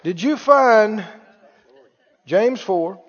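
Extremely slow and expressive, a pastor's high-pitched voice fills an echoey hall in a dull, lo-fi recording. He preaches emphatically to his live congregation, repeating key phrases and asking the listeners whether they hear him.

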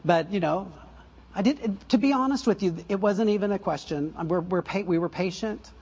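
An older man preaching a conversational sermon, full of asides and self-corrections and soft laughs at his own stories. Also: sits high, normal speed, slightly rough, dull audio. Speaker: pastor.

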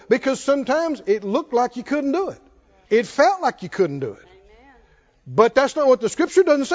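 A man's voice: very high-pitched, big pitch swings, unhurried, pauses often, darkish tone. A man preaching a sermon, emphatic with call-and-response and chuckling asides, in a dull lo-fi recording.

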